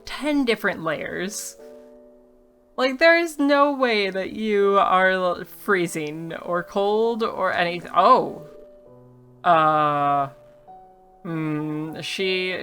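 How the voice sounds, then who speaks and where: Woman, gameplay commentary, chatty and wry, slightly low pitch, bright forceful tone, faint game music behind. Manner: chatty, wry, reads game dialogue aloud and jokes about it. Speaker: let's play streamer.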